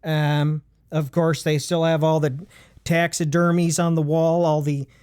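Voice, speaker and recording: A man hosting a comedy show, rambling, halting and full of fillers and restarts. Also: fairly high pitch, level tone, darkish tone, clean tone, dry recording, clean studio sound. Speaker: comedy podcast host. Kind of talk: deadpan rambling comedic monologue.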